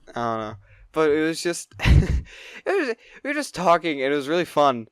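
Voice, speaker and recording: A man co-hosting a podcast, telling a long story in casual chat, rambling and excitable, with plenty of swearing. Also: a little high, normal speed, clean tone, no echo. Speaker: podcast co-host.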